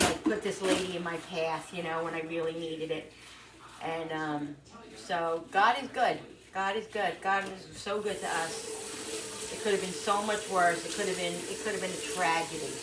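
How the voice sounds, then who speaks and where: A middle-aged woman telling a personal story in an emotional, rambling vlog, repeating herself as she goes. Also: fairly low pitch. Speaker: vlogger. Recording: roomy echo, mic at a distance, noisy.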